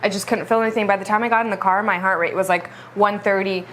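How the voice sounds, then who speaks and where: A young woman telling a personal story to the camera in a casual, chatty vlog, animated and laughing between bites. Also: mid-range voice, fast, a little hiss or hum. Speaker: vlog co-host.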